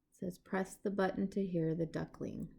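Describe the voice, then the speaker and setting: A young woman reading a picture book aloud to a child, slow, gentle and coaxing. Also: fairly low pitch, little pitch movement, vocal fry, heavy background noise.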